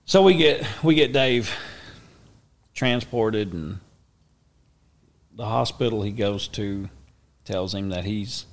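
A middle-aged man spins a long story in a low, easy drawl. He gets animated and acts out the voices of the people in it. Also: slow. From Oklahoma, USA. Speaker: interview guest. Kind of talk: casual storytelling.

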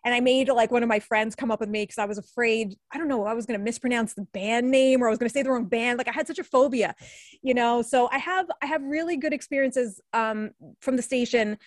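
A fast-talking woman with a fairly high pitch, recorded dry, chats as an alumni guest in a podcast interview. In her forties and from the New York area with a New York accent, this former radio newscaster keeps things casual, laughing frequently and using plenty of fillers.

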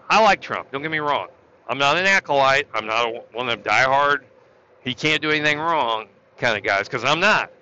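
A man's voice: a little high, sharp tone. A man delivering an opinionated political monologue, with sarcastic outbursts and a ranting, conversational manner. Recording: dull lo-fi recording.

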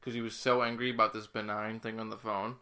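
Young man with a bright voice. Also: fairly low pitch, little pitch movement, fast talker. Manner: rambling storyteller, loud bursts when imitating others. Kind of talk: casual chat.

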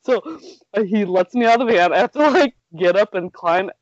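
This talkative woman in her thirties, medium-pitched with lively intonation, moves at a brisk pace through a casual story, giggling as she speaks and leaning heavily on "like." The recording is dry, dull, and lo-fi.

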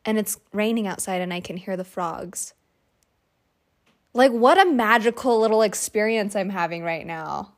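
A young woman hosting a loose solo podcast from her bedroom at night, chatty and rambling with lots of fillers, relaxed and drowsy as she lies down. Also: medium pitch, normal speed. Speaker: podcast host. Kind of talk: unstructured solo podcast chat.

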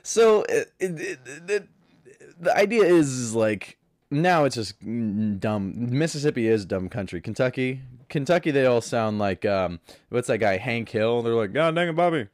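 A man's voice: medium pitch, expressive, a little slow, a little mellow, no room sound, studio quality. A man from Florida hosting a solo podcast, laid back, rambling and crude in his chat. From Pensacola, Florida. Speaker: podcast host.

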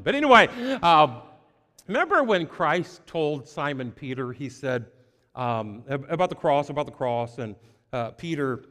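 A man preaching a sermon in an earnest, halting way, full of fillers and repeated words. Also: medium pitch, a bit bright, long reverb tail.

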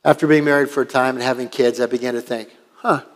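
A man's voice: medium pitch, fairly even intonation, racing, in a large hall. An older man, a pastor from Washington State, preaching a sermon and telling a story in an earnest, conversational way. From Washington State, USA.

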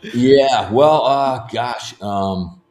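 A man's voice: medium pitch, drawn-out words, darkish tone. A man guest casually telling rambling stories at home, laughing as he goes. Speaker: podcast guest. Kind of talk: casual storytelling. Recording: roomy echo.

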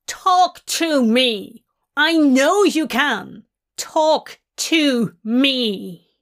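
A woman voicing a menacing, cruel occultist man who snarls his lines loudly and slowly. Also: a little high, expressive. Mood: shouting. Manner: snarling, loud and drawn-out.

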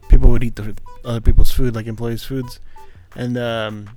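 A man chatting casually on a podcast in a laid-back, halting way, swearing often. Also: medium pitch, little pitch movement, mellow, faint music behind. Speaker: podcast co-host. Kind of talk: casual chat.

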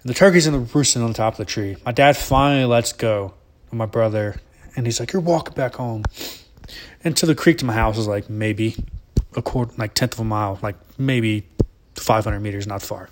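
A man's voice: fairly low pitch, brisk, slight background noise. A young man from Alabama, telling a family story casually in a rambling, profane, often laughing way. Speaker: vlogger.

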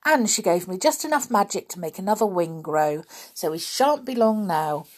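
A woman voicing a bossy little male pixie in a children's storybook, brisk and lecturing. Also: medium pitch, lively intonation, lightly acted. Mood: cheerful.

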